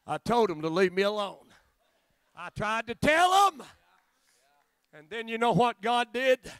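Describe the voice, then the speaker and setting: A man preaching a revival sermon as guest preacher, telling folksy stories that break into shouting. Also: very high-pitched, animated, a little slow, clear, resonant tone, no echo. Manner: folksy storytelling, bursts of shouting.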